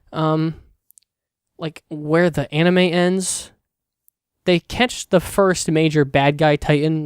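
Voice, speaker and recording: A man's voice: fairly high pitch, smooth, no room sound, studio quality. A young man hosting a casual solo podcast, rambling with lots of "like" and restarts, swearing casually. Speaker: podcast host.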